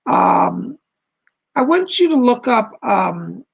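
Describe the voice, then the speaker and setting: A man reads out viewer questions and answers them as a psychic on a live stream. His voice is heavily gravelly and a little husky, and it is wearing hoarse. He speaks in a gentle, reassuring, chatty way. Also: high voice, very animated, takes it slowly, highs cut off. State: losing his voice. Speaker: psychic doing live readings.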